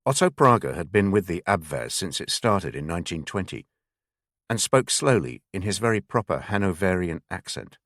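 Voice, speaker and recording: A man narrating a thriller audiobook in a measured, expressive way. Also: deep voice, dry recording, clean studio sound. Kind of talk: scripted narration.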